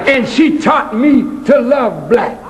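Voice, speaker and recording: A man from Boston giving an impassioned public address at a college, emphatic and preacherly, rising to shouts. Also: very high voice, sing-song, slow, long reverb tail, a crowd in the background, noisy background. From Boston, United States. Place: college auditorium.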